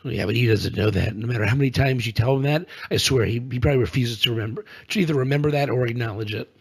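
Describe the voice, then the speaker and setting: A man's voice: mid-range voice, fast, vocal fry, slightly rough. A man co-hosting a casual political podcast, talking in a sarcastic, exasperated way with many "um"s. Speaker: podcast co-host.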